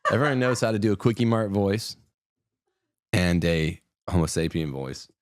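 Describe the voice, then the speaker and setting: A man's voice: low-pitched, expressive, normal speed. A man hosting an opinionated news commentary show, reading headlines and adding sarcastic, mocking asides. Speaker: host.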